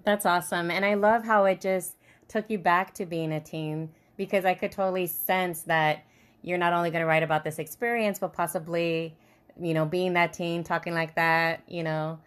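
Lower-voiced woman co-host, easygoing. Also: fairly even intonation, moderate pace, smooth. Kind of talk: casual interview chat.

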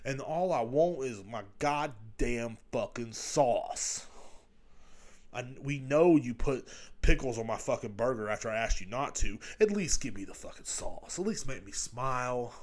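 Profane ranting man with lively pitch. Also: a little slow. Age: middle-aged. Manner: profane, rambling, mocking voices mid-rant. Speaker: podcast host. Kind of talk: crude comedic rant.

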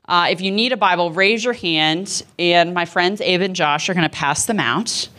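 A woman's voice: medium pitch, a bit bright. A woman in her thirties on ministry staff giving an interactive Bible talk to students, chatty and full of questions for the group. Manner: chatty and audience-engaging, asks questions. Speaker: campus ministry staff speaker.

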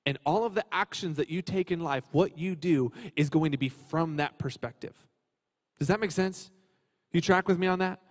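A middle-aged man preaching a sermon, swinging between hushed, tender lines and loud, animated storytelling. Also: a little high, normal speed, in a large hall. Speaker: pastor.

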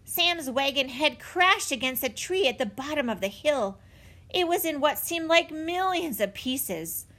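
A woman narrating a children's audiobook in an expressive storytelling manner. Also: high voice, unhurried. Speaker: audiobook reader.

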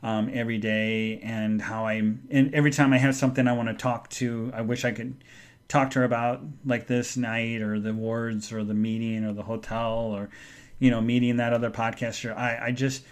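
A middle-aged man tells a personal story on his podcast, rambling through restarts and trailing phrases. His voice sits at an ordinary middle pitch and often drops soft and subdued with emotion. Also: steady tone. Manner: rambling, halting, full of restarts. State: emotional, subdued when speaking of his mother. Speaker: podcast host.

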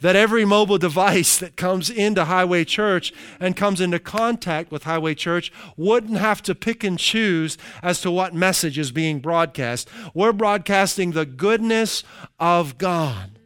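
A middle-aged man preaching a sermon as pastor, slowing down to stress key phrases and dropping into conversational asides. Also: high voice, a bit bright, clear, resonant tone, no room sound. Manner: slows down for emphasis, conversational asides.

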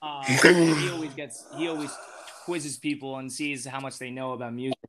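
A man's voice: mid-range voice, little pitch movement, moderate pace, a crowd in the background. A young man as an interview guest, talking in a casual, rambling way with lots of fillers and restarts. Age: young adult.

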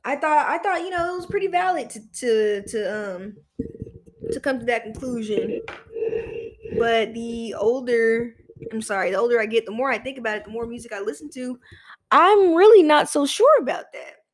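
A woman's voice: fairly high pitch, normal speed. Chatty woman host in an echoey room. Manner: rambling, self-correcting, swears casually. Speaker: podcast host. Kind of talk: casual solo chat.

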